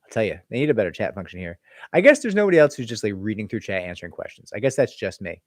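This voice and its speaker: Guy lawyer doing a live q&a, really animated voice, chatty and loose, dry close sound. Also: fairly low pitch, very fast, no room sound. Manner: conversational, loose, with frequent "like" and "right?"; reads viewer comments aloud, then answers them. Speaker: employment attorney hosting a live Q&A. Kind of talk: casual livestream question-and-answer.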